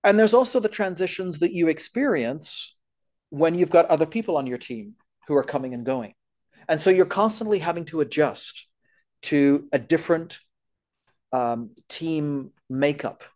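A man's voice: on the high side, expressive, moderate pace, darkish tone. A man giving an earnest talk on missionary care, working through a list of points. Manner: earnest, explanatory, lists points. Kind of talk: church talk.

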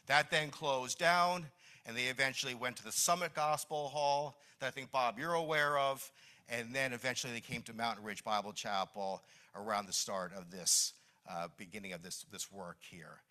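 Middle-aged man, church speaker, bright tone, fond and halting. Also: mid-range voice. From New Jersey. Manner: warm, reminiscing, with many restarts. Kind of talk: Mother's Day church talk. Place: church meeting hall.

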